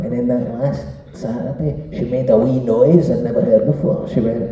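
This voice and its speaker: Brash sweary Scottish comedian. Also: male voice, mid-range voice, steady tone, a little fast, warm tone, a little hiss or hum. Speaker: stand-up comedian. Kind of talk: stand-up routine. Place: comedy venue. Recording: echoey venue, distant, dull sound.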